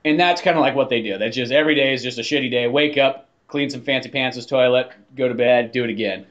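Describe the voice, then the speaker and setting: A man's voice: mid-range voice, fast, a bit bright, highs cut off. A man co-hosting a podcast in casual chat. He rambles, swears freely and leans on "like" fillers. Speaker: podcast co-host.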